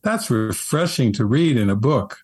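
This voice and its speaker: Gentle, articulate man, dry close sound. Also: medium pitch, big pitch swings, moderate pace, husky, no echo. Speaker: spiritual teacher, guest. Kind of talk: relaxed spiritual storytelling.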